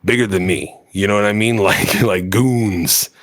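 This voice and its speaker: A man's voice: on the low side, a little slow, fairly bright tone. A man co-hosting a podcast, telling a story in casual chat, rambling and full of fillers and swearing. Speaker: podcast co-host.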